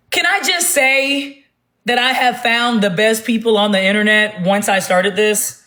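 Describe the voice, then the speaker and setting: A woman talking loudly and bluntly in a casual livestream rant on her phone. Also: fairly high pitch, measured pace. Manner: loud, blunt and emphatic.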